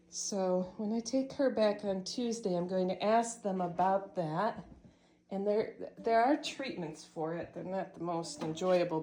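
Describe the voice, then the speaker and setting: Give me a low-voiced woman vlogging among her cats, gentle and halting. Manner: soft-spoken, cooing to her cats; hesitant, with many fillers. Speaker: cat caretaker. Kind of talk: casual vlog.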